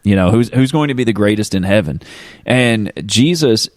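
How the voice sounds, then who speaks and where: A man's voice: fairly low pitch, expressive, moderate pace, no room sound, studio quality. A man, a pastor hosting a podcast, chatting casually and joking with his co-host. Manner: joking, playful banter.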